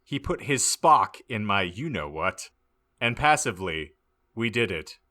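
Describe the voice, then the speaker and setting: A man reading a badly written story aloud as a comic audiobook, deadpan and stumbling over misspelled words. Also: on the low side, unhurried. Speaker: podcast host reading aloud.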